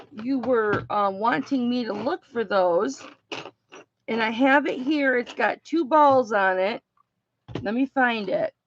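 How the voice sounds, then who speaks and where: A woman's voice: a little high, highs cut off, slight background noise. A woman hosting a jewelry auction livestream, chatting casually and affectionately with viewers and calling them honey and baby.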